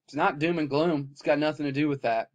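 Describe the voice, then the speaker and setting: Man ranting heatedly, slightly high voice. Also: fairly even intonation, quick pace, lo-fi sound. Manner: swings from loud, heated outbursts to low, weary muttering. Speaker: vlogger. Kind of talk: impassioned rant to camera.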